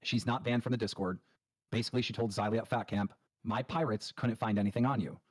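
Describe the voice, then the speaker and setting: Fast-talking blunt, profane male host. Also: fairly low pitch, fairly even intonation, no echo. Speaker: livestream show host. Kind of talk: livestream commentary.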